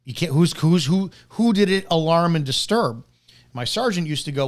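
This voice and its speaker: A man's voice: fairly high pitch, animated, moderate pace. Blunt, ranting male police-show host. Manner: blunt, profane, indignant ranting with many restarts. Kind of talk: reacting to a played video clip with commentary.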